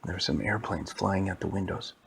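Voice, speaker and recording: A man improvising a story for a child, animated and dropping into whispers for suspense. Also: low voice, brisk, creaky, slight background noise.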